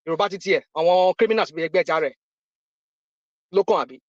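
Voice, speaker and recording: High-voiced, impassioned Nigerian man. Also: rapid-fire, long pauses, no room sound. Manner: impassioned, repetitive, blunt. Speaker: discussion panelist. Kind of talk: heated live audio chat. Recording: dull lo-fi audio.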